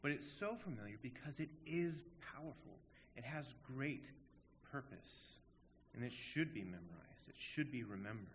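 A man's voice: medium pitch, lively intonation, normal speed, a little hiss or hum. A man preaching a sermon in an earnest, emphatic way, asking rhetorical questions. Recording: dull audio in a long-reverb hall.

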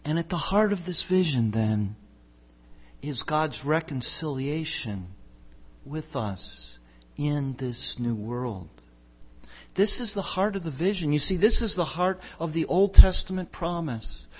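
A man preaching a sermon as pastor, emphatic and rhetorical, swinging between loud declarations and hushed passages. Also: on the high side, a little slow, slightly rough, dull audio.

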